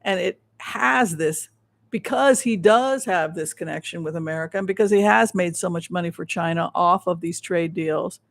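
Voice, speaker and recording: Psychic show host, male, high gravelly voice, rambling and emphatic, dry close sound. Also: moderate pace, fairly bright tone, no room sound. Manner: rambling with frequent restarts, emphatic. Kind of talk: livestream tarot and remote-viewing commentary.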